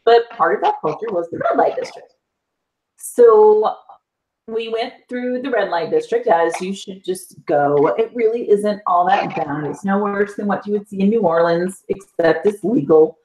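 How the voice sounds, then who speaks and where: Woman, guest, animated storyteller, lively voice, echoey room. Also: medium pitch, moderate pace, dull audio. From US South, Panhandle area. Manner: animated, laughing often. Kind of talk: casual storytelling chat.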